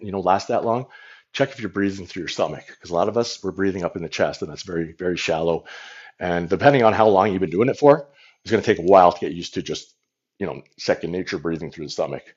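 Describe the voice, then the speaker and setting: A man's voice: low-pitched, darkish tone, highs cut off. A man hosting a casual livestream, rambling frankly and swearing casually into a phone. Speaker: livestream host.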